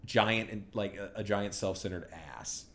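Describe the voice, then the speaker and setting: A man's voice: lowish voice, flat delivery, moderate pace, fairly bright tone. A man co-hosting a podcast, recapping a TV episode in rambling, sardonic casual chat full of fillers. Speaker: podcast co-host.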